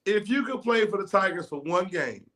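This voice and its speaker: A man's voice: sits high, animated, normal speed, fairly bright tone. A man hosting an interview, laid-back and rambling with slang. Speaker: host. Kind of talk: casual interview chat.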